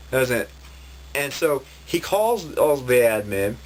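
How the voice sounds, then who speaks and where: A man's voice: mid-range voice, very animated, measured pace. Rambling frustrated man ranting. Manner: rambling, frustrated, many restarts. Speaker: vlogger. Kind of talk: ranting vlog.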